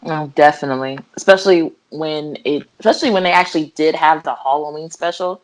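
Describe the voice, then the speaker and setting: Giggly low-voiced young woman. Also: a little fast. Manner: giggly, animated retelling with voiced quotes. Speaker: podcast co-host. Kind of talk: casual chat.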